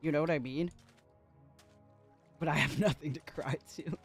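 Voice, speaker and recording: A man's voice: a little high, fairly even intonation, moderate pace, creaky, faint music behind. A man chatting playfully to his viewers while livestreaming a game, giggling often and talking to chat. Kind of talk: casual gaming livestream chat.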